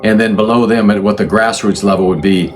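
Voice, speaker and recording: Low-voiced man explaining history off the cuff. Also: fairly even intonation, a little fast, faint music behind. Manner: conversational, thinks aloud with restarts and self-corrections. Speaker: channel host explaining religious history. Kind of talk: unscripted explanatory talk.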